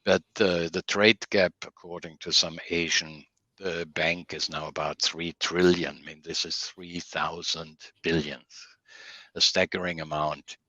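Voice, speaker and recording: A man's voice: deep voice, fairly even intonation, a little slow, sharp tone, dry recording. A Swiss man in his sixties with a Swiss German accent, answering interview questions hesitantly with frequent fillers. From Switzerland. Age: 60s. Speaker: guest.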